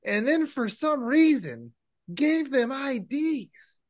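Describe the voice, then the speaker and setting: A man co-hosting a podcast, rambling in casual political talk with halting restarts and rhetorical questions. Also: very high-pitched, lively intonation. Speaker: podcast co-host.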